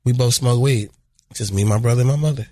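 A man's voice: medium pitch, quick pace, dark tone, no echo. Man, casual chat, storyteller, laughing, acts out quotes, dry close sound.

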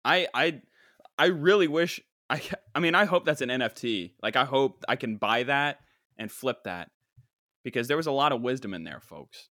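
A man's voice: mid-range voice, moderate pace, no room sound, studio quality. A young man in his twenties hosting a podcast, reacting with mock exasperation and disbelief in a casual, joking way. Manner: incredulous, animated, mock-exasperated. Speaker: podcast host.

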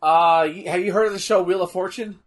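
A man chatting casually and reacting loudly to a wrestling match, laughing often. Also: high-pitched, fairly quick. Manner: animated, laughs often, bursts into shouting. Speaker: co-host watching wrestling.

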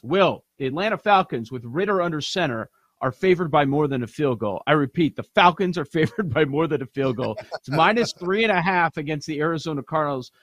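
A man hosting a sports betting podcast, moving briskly through games, odds and stats in casual talk. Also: a little high, fairly bright tone, dry recording.

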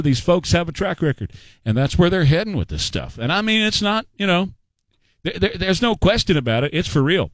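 A man hosting a talk radio show, talking in an animated, repetitive, folksy way. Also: high-pitched, fairly quick, no room sound, rough recording.

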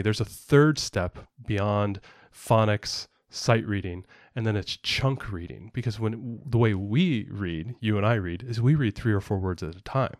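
A man's voice: lowish voice, a little mellow, no room sound, clean studio sound. A man co-hosting a casual podcast, explaining at length in a rambling way with frequent fillers and restarts. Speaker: podcast co-host and parent.

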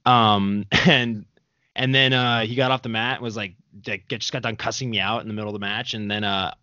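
A man's voice: lowish voice, steady tone, a little fast, bright, forceful tone, clean tone, no room sound. A young man, a podcast host, telling stories in loose casual chat and laughing often between his fillers. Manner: rambling storyteller, laughing often, full of fillers. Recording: dull, dry sound.

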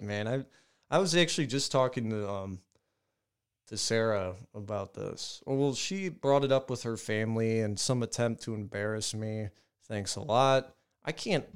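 A man's voice: lowish voice, unhurried, clear, resonant tone. Casting: male podcast co-host, rambling storyteller, swears freely, loose and chatty. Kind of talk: casual chat.

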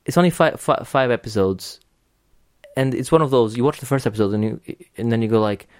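A man's voice: mid-range voice, fairly quick, dry recording, studio quality. A man hosting a podcast in casual chat, talking enthusiastically with many restarts and casual swearing. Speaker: podcast host.

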